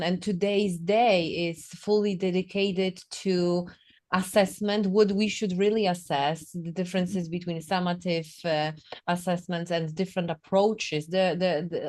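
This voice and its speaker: A woman's voice: lowish voice, darkish tone. A woman moderating an online webinar, reading out attendee questions and adding short comments over a video call. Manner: reads out attendee questions, brief acknowledgements.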